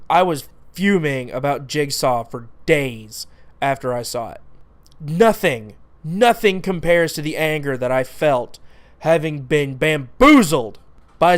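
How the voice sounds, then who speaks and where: A young man hosting a movie review show, talking casually in a sarcastic, exasperated rant about a bad film. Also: a little high.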